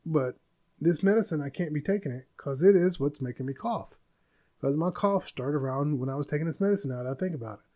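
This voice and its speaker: Man, 40s, podcast host, casual monologue, blunt venting, slightly high voice. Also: fairly quick, mellow.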